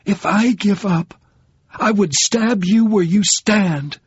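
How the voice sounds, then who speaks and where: A man's voice: a little high, expressive, slow, darkish tone, breathy edge, pitched above the performer's own voice, exaggerated voice. Man voicing a fierce, bitter woman. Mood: furious. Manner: spitting, vehement, formal speech. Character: bitter, proud woman in fierce, cold fury. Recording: dull, lo-fi sound.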